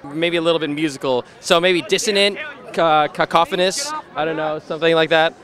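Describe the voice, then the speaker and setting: A man's voice: a little high, steady tone, fairly quick, a bit bright, a faint crowd. A man stopped on the street, musing aloud and puzzling over a word's meaning. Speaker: passer-by interviewee. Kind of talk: casual street interview.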